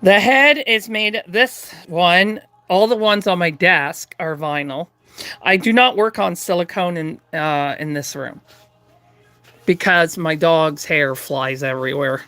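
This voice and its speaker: A woman's voice: on the low side, takes it slowly, a bit bright, dry recording. A woman chatting through a live doll-painting tutorial from her craft room at home, rambling with lots of fillers and restarts. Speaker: reborn doll artist streaming live.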